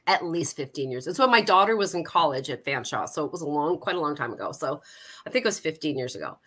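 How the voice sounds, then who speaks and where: A woman's voice: sits low, animated, quick pace, a bit bright. A middle-aged woman from Canada, a guest in an interview, telling a personal story candidly with frequent self-corrections. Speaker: guest, Alzheimer's support coordinator. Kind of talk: conversational interview.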